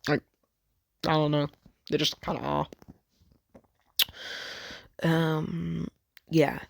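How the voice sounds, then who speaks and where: A man's voice: fairly high pitch, level tone, extremely slow, vocal fry, no echo. A man rambling through a fan story, swearing a lot, cutting himself off and joking about it. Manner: rambling, sweary, self-interrupting, jokey.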